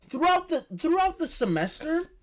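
A young man casually telling a story, animated and repeating phrases for emphasis. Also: extremely high pitch, moderate pace. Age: young adult.

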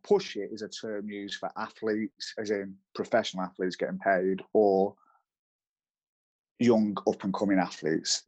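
A man's voice: lowish voice, darkish tone. A man, a fitness trainer giving practical advice step by step in a casual chat. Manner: explains step by step with practical rules.

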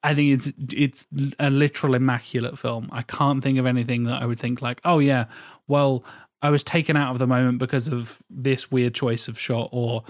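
A man's voice: medium pitch, little pitch movement, moderate pace, no echo. Podcast host, man in his thirties from England, rambling sweary film talk, dry mic. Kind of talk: casual film chat.

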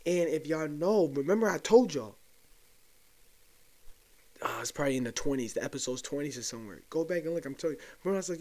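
A man's voice: a little high, expressive, fast, darkish tone. A young man hosting a solo podcast, ranting loosely and profanely and talking straight to his listeners as if sharing a secret. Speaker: podcast host. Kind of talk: casual solo podcast rant.

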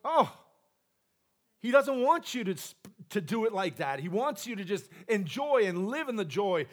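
A man's voice: sits high, sing-song, measured pace. Passionate charismatic male preacher. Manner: passionate, swings from loud exhortation to soft asides, laughs often. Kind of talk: charismatic sermon. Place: church sanctuary.

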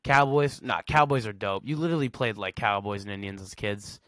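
A man's voice: on the low side, fairly quick, a bit bright, dry recording. A man hosting a solo podcast in a casual, slangy way, reading facts aloud and reacting with blunt verdicts. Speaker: podcast host.

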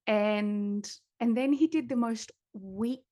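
A woman's voice: on the high side, slow, warm tone. An Australian woman in her thirties co-hosting a casual podcast, telling stories about her toddler and acting out quoted asides. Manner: chatty, storytelling with quoted asides. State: pregnant. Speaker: podcast co-host. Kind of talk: casual chat.

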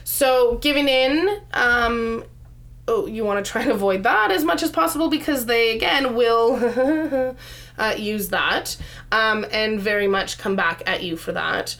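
A woman's voice: on the high side, a little slow, fairly bright tone. A woman giving parenting advice in a casual chat, conversational with frequent fillers. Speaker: parenting discussion co-host.

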